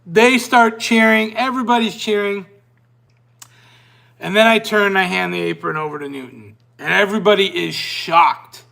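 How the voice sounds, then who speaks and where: A man with a high, gravelly voice hosts his own podcast. He tells a personal story in a loose, rambling way, restarting sentences as he goes. His tone is bright and tense. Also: normal speed. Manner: animated, rambling, self-interrupting. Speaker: podcast host. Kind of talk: casual storytelling.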